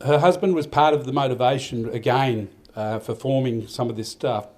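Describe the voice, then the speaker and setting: An older Australian man with a medium-pitched, darkish voice speaks at a moderate pace. He's the event organiser giving a speech at a farmers' awards night in an event hall. His speech is rambling and heartfelt, with many restarts.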